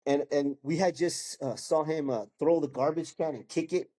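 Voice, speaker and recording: Fifties guy telling his story, kinda high but mellow voice, acts out everybody, lots of bro and man. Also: moderate pace. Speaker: guest sharing his testimony. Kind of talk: casual storytelling.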